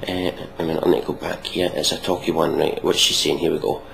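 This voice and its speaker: A man's voice: extremely low pitch, little pitch movement, fast, creaky, fairly bright tone, rough recording. A man hosting a casual reaction video, mocking and sarcastic, swearing freely.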